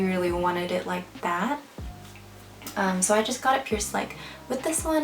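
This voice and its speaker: This young vlogger's voice is medium-pitched and creaky as she chats casually to camera, filling her speech with "like" and "um." It's recorded in an echoey room a bit far from the mic, with faint background music.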